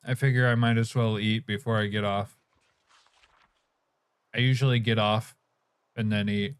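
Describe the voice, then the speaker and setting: Low-voiced man streaming, chatting while eating. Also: flat delivery, normal speed, clean tone. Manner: reads chat aloud, chuckling, talks while eating. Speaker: game streamer. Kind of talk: casual live-stream chat.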